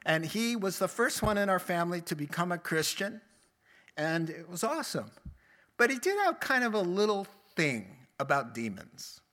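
A male pastor preaching with a high, bright voice. He talks in a plain, conversational way and brings each scene to life by acting out the voices in it. His delivery is lively and animated. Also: moderate pace. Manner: animated, acts out the quotes he tells. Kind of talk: sermon.

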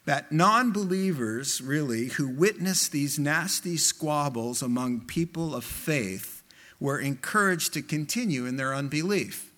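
Slow-talking preacher guy with a lilt, pitch a bit high, gets fired up on the quotes. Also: expressive, a bit bright. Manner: impassioned, rising to high emphatic quotes. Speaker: pastor. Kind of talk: sermon.

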